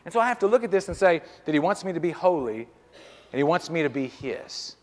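A man's voice: fairly high pitch, very animated, fast, a little mellow. A middle-aged man preaching a sermon as pastor, in a conversational style with frequent restarts and repeated words. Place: church sanctuary. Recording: church hall with long reverb.

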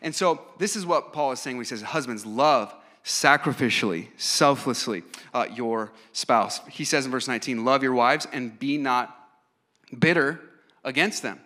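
A man's voice: mid-range voice, moderate pace, bright, forceful tone. A man in his thirties preaching a sermon in an earnest, emphatic way, with frequent fillers and restarts. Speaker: pastor.

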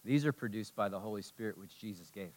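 A man preaching a sermon as a pastor, impassioned, moving between loud emphasis and hushed tenderness. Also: lowish voice, quick pace.

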